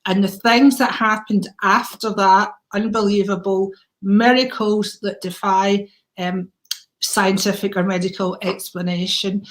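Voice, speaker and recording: A woman's voice: medium pitch, flat delivery, a little slow. A woman hosting a casual livestream chat about mediumship, effusive and enthusiastic as she greets viewers by name. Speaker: host, mediumship teacher.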